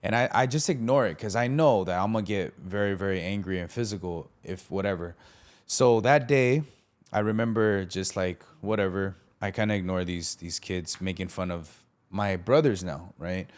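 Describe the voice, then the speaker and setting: This young man's deep voice moves at a moderate pace as he hosts a podcast and shares a personal story. Full of slang and fillers, he's animated and acts out the quoted words of others.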